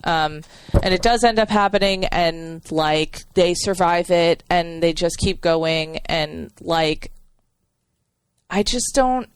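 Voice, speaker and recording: A woman co-hosting a podcast, warmly retelling a TV episode in a rambling way with many fillers and restarts. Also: lowish voice, slow, clean tone. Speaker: podcast co-host. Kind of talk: casual chat.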